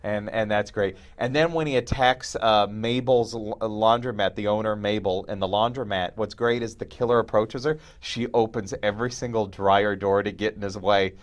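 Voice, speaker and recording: Animated man reviewing horror films. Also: on the low side, normal speed, few pauses. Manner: animated, acts out movie lines in mock voices. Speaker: film review show host. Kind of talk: casual panel chat.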